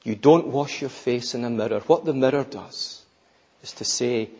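A man preaching a sermon emphatically, building to fervent peaks and dropping low. The sound is dull and lo-fi in a large church with long reverb. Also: a little slow, warm tone, breathy edge.

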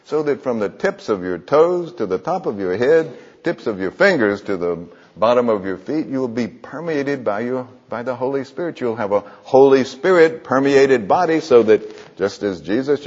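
A man's voice: medium pitch, a little mellow, breathy edge. A man preaching an earnest sermon in a church, asking the room rhetorical questions. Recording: muffled echoing church hall.

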